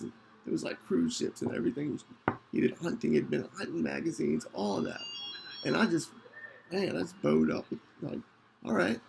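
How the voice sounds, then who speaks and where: A man with a deeply gravelly, fried voice tells a personal story on his podcast. His pitch swings in a lively way, a little above the usual male range, and he speaks earnestly with frequent restarts. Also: slight background noise, poor audio. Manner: earnest, halting, with many restarts. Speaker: podcast host.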